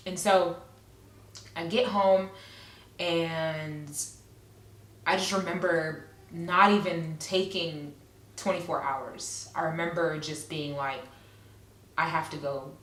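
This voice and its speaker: Low-voiced woman telling her story, echoey room. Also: steady tone, slow pace, long pauses, a bit bright. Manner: conversational, lots of fillers, repeats phrases. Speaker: vlogger. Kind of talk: personal story, casual. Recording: echoey room, a bit far from the mic.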